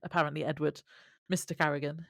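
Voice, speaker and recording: A woman's voice: deep voice, little pitch movement, fast, creaky, a bit bright, no room sound, clean studio sound. A woman co-hosting a podcast in casual chat, laughing often and trailing off mid-thought. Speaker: podcast co-host.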